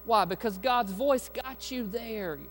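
A man's voice: extremely high pitch, slow. A man preaching as a pastor, with emphatic delivery and questions thrown to the congregation. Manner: emphatic preaching with call-and-response asides. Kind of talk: sermon. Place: church sanctuary. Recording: faint music and mains hum behind.

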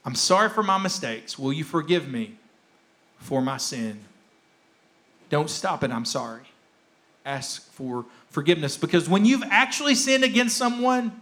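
A man's voice: high voice, a bit bright. A male pastor preaching a sermon, emphatic and repetitive, acting out the excuses people make. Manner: emphatic, repeats key phrases, acts out quoted excuses. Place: church.

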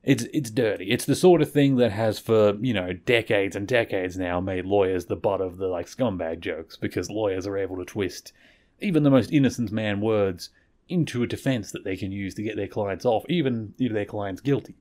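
A man's voice: lowish voice, moderate pace, darkish tone. A man hosting a podcast, recapping a television episode in a rambling, conversational way and correcting himself as he goes. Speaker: podcast host.

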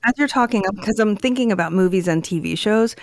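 A woman's voice: mid-range voice, quick pace, dry recording. A woman co-hosting a casual chat, talking in a chatty way and often filling her speech with "like". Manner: chatty, with frequent "like" fillers. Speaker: podcast co-host.

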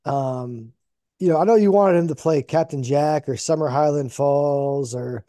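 A man's voice: fairly high pitch, measured pace, warm tone, no echo. A man co-hosting a casual podcast chat, easygoing and teasing, with frequent ums. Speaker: podcast co-host.

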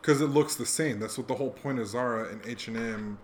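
Man, podcast co-host, casual slangy chat, animated quoting, mid pitch, faint background hiss. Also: fairly quick. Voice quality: animated, slangy, acts out quotes.

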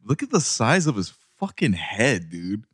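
A man in casual chat, animated and quick to laugh. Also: fairly low pitch, husky, dry recording, clean studio sound.

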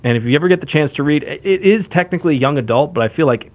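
A man's voice: a little high, lively intonation, racing. A man in casual chat, talking enthusiastically and rambling with frequent restarts. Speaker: podcast guest. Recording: phone-like lo-fi audio.

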